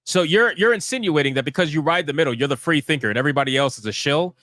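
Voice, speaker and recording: A man's voice: fairly high pitch, animated, fast, fairly bright tone, no echo. A man hosting a live stream, giving heated, profane commentary in a fired-up, emphatic way.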